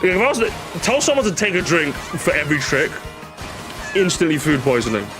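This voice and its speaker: A male streamer reacting live to game replays, chatty and excitable, rambling with many restarts. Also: on the high side, fairly quick, over music.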